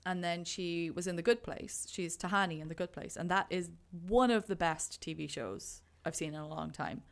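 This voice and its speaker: On a podcast she co-hosts, a woman with a lowish voice and moderate pace discusses a movie casually. Plenty of fillers come through as she acts out what she was thinking.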